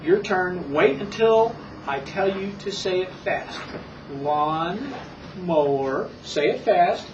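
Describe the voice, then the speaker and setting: A reading instructor demonstrates a lesson, coaching a small child with slow, exaggerated words and calm repetition. The voice sits at a middle pitch and comes from far off in an echoey room. The tape is dull and hissy. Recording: echoey, distant, muffled old tape with hiss.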